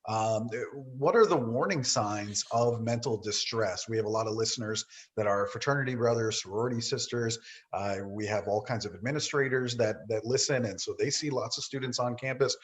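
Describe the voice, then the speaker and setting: A man's voice: mid-range voice, a little fast. A man hosting a podcast, asking attentive, encouraging interview questions. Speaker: podcast host.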